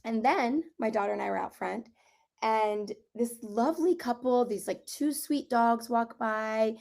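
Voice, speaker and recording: A middle-aged woman with a slightly hoarse voice, telling a story in a casual group conversation and acting out what people said. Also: fairly high pitch, a little slow. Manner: animated storyteller, acts out quotes, laughs while telling. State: slightly hoarse, clearing throat. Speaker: property clearing practitioner.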